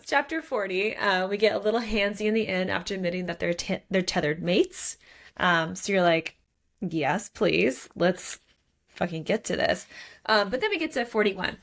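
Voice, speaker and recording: Woman podcast co-host, fry in the voice, lively book-chat delivery. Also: mid-range voice. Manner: animated, reads quotes aloud with laughs.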